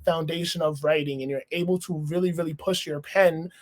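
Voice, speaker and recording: A man from Canada, a rapper, talking about his music in a casual interview, thoughtful and animated. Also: a little high, brisk. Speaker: rapper guest.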